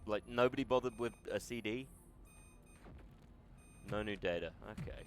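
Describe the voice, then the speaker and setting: A man's voice: lowish voice, normal speed. A man streaming a video game with casual, wry, self-deprecating commentary and the odd swear word. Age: older.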